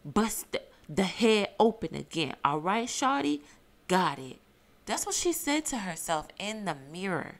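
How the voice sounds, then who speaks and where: A woman's voice: medium pitch, a bit bright. A woman giving emphatic reality TV recap commentary, repeating her points and asking her viewers questions. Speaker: YouTube commentator.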